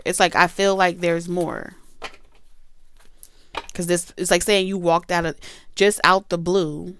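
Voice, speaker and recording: Chatty woman reading tarot, smooth voice. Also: fairly low pitch, steady tone, measured pace, long pauses, fairly bright tone. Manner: chatty and emphatic, with swearing and asides to viewers. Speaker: tarot reader.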